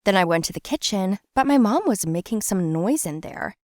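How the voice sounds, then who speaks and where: Young adult woman, scripted first-person narration, plain and steady, middle pitch, dry close mic. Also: normal speed, few pauses, no room sound.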